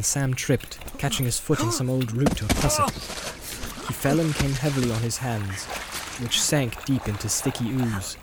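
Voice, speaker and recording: Male audiobook narrator over music. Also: mid-range voice. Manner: steady, measured storytelling. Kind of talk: scripted fantasy narration.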